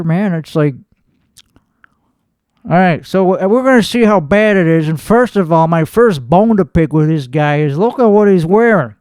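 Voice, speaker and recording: A man's voice: high voice, a little mellow, smooth, dry recording, clean studio sound. A man hosting a comedy podcast, ranting in a profane, boastful and aggrieved way. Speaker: podcast host. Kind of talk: comedic rant.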